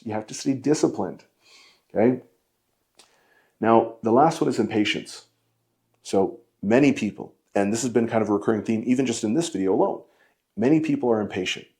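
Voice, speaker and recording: A male fitness coach lecturing straight to camera. His voice is mellow and rounded, and his delivery is blunt and insistent, hammering home each point. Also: lowish voice. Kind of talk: direct-to-camera coaching lesson.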